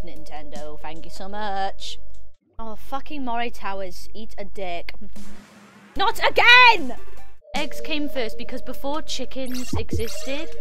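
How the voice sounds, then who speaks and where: A woman streaming a game, commentating with excitable, sweary outbursts over game music. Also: medium pitch. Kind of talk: live gaming commentary.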